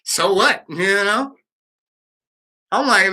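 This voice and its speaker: Guy on a live stream, high voice, super bright, joking around with chat in slang. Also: normal speed. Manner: playful, slangy, talks to the chat. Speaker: livestream host.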